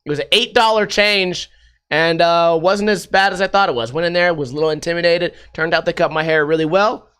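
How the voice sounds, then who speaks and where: A man's voice: a little high, steady tone, fairly quick, a bit bright, clear, resonant tone. A man hosting a podcast, rambling through a casual, sarcastic and profane monologue. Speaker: podcast host.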